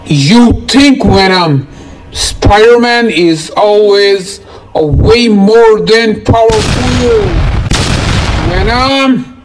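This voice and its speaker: A man voicing a brave young male superhero in a toy-figure story, with excited, urgent calls. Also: sits high, very slow, a crowd in the background, exaggerated voice, low-quality recording. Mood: heroic.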